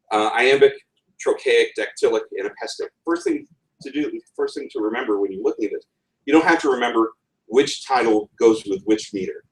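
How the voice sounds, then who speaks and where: A man's voice: medium pitch, sing-song, brisk. A man giving a conference talk on writing, with wry asides and a chuckle in his voice. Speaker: conference speaker. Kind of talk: presentation on writing. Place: conference room. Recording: roomy, from far off the mic.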